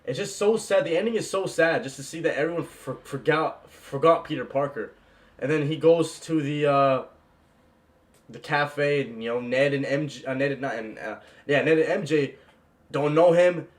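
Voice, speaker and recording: A young man gushes about a film he loved, in an excited and casual reaction style. His voice sits a little high, and he keeps throwing in "bro" and "man" as he talks. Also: normal speed. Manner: gushing, repeats "bro" and "man", bursts into yells. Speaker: movie reaction vlogger.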